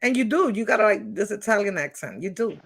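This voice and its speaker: A woman's voice: medium pitch, brisk, gravelly, slightly rough. Emphatic woman preaching in casual chat. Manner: animated, preachy and emphatic, says she feels hyper.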